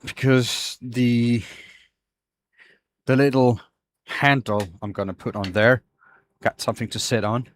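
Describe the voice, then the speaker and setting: A man's voice: mid-range voice, flat delivery, measured pace, long pauses, slight background noise. A man hosting a live woodturning stream from his workshop, talking casually and thanking viewers with effusive gratitude and frequent sighs. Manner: effusively grateful, sighing often. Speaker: woodturning livestream host. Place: home workshop.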